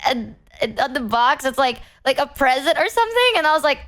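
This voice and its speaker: A young adult woman streamer chatting casually, telling stories in an animated way with lots of fillers. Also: sits high, very fast, few pauses. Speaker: VTuber streamer. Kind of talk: casual chat.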